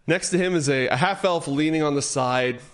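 A man's voice: a little high, brisk, a bit bright. A man narrating a tabletop game as game master, descriptive and self-correcting as he goes.

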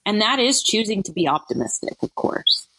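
A woman's voice: medium pitch, very animated, normal speed, pushed and bright, husky, no room sound. A woman being interviewed, talking casually and animatedly with self-deprecating asides. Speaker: interview guest.

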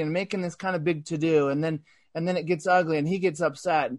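Earnest man, slightly high voice, story-driven business talk, dry close mic. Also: fast, dry recording. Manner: earnest, animated storyteller with frequent restarts. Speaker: sales executive guest. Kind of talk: storytelling in a podcast conversation.

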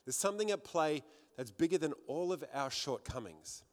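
A man's voice: fairly high pitch, animated, moderate pace, a little mellow. A man preaching a sermon to a congregation in a church hall, fervent, often repeating words as he builds up. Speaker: pastor.

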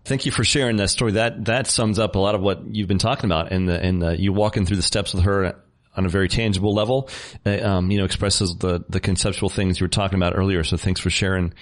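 A man co-hosting a podcast, wrapping up in a measured way with fillers. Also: low voice, steady tone. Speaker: podcast co-host. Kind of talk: casual podcast talk.

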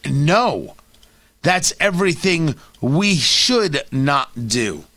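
A male talk host with a high, bright voice delivers opinionated political commentary. He swings his pitch widely and hammers his points through repetition. Sarcastic asides cut into his arguments. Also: big pitch swings, very slow.

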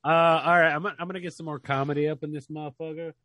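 Excitable swearing podcast guy. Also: on the high side, fast, dry recording. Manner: excitable, swears a lot, rambling. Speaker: podcast co-host. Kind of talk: casual chat.

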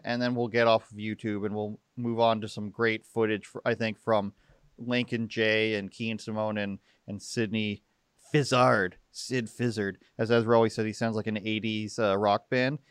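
A young man hosts political commentary live, mocking and sarcastic as he tears apart statements. His voice sits at a medium pitch with a level tone and moderate pace, sounding clear and resonant. The audio is clean studio sound with no room noise.

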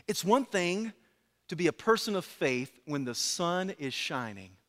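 A man preaching a sermon in a dramatic way, swinging from loud pleading to hushed lines. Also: high voice, big pitch swings, measured pace. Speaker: pastor. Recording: long hall reverb.

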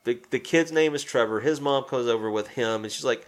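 A man's voice: medium pitch, quick pace, hardly any pauses. A man in casual conversation, animatedly retelling a film scene, acting out the characters' lines, swearing and laughing often. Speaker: co-host discussing a film. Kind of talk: casual chat.

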